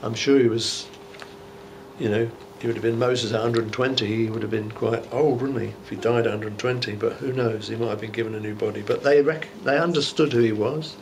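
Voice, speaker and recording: Bishop preaching in church: man, mid-pitched, chatty musing sermon, soft hiss underneath. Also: steady tone, fairly quick. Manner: conversational and musing, with rhetorical asides. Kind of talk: informal Bible teaching sermon.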